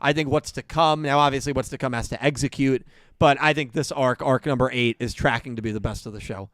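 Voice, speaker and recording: A young man hosting a casual podcast chat, enthusiastic and quick to laugh. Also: mid-range voice, a bit bright, no echo. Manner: enthusiastic, laughs often, reads chat donations. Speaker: podcast host.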